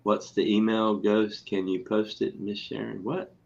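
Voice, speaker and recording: A man's voice: fairly low pitch, measured pace, vocal fry. A man hosting a casual stream, swearing freely and reading out chat messages. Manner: profane, excitable, reads chat aloud. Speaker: streamer host. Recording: muffled lo-fi mic.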